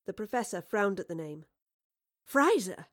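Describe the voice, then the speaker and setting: A woman narrating a story aloud in an even, clear manner. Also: medium pitch, fairly quick, no room sound, studio quality. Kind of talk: storybook reading.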